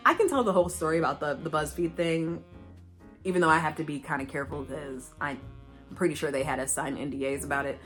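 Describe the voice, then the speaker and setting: A woman's voice: sits low, fast talker. Chatty young woman, rambling storyteller. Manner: chatty rambling with many fillers; animated, playful asides to viewers. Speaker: beauty vlogger. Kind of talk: casual storytelling while doing makeup. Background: faint background music.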